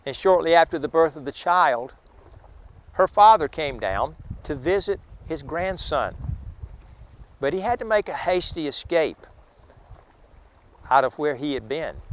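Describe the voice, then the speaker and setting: A man's voice: fairly high pitch, lively intonation, measured pace, pauses often. A man guiding a ghost tour outdoors, retelling a witness's story with dramatic flair and acting out the voices of the people in it.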